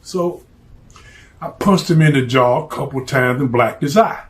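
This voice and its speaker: A man's voice: medium pitch, unhurried. A man telling a story from his past in a blunt, profane, streetwise way.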